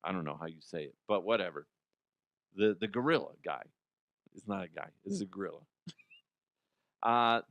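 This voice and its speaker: A man's voice: medium pitch, a bit bright, clear, resonant tone, dry recording. A man hosting a comedy news podcast, chatting casually in a rambling way, swearing freely and restarting his sentences. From Colorado, USA.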